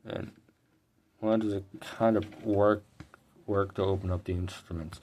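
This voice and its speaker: A man's voice: low voice, little pitch movement, a little slow, darkish tone, a little hiss or hum. A young man giving a casual, blunt video review full of opinions and offhand swearing. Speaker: music reviewer.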